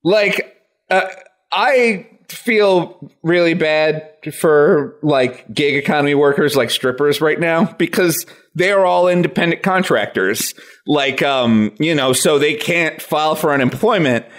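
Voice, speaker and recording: A man co-hosting a comedy podcast, riffing in animated, ranting bits. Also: fairly high pitch, a little slow. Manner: animated, riffing, swings into silly voices and rants. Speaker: podcast co-host and guest. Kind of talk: casual comedic podcast banter.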